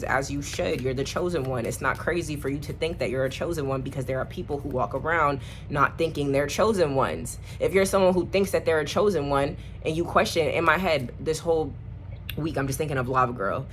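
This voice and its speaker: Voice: medium pitch, a little hiss or hum. A tarot reader speaking straight to the viewer, emphatic and repeating affirmations. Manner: addresses viewers warmly and directly. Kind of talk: direct-to-camera tarot reading.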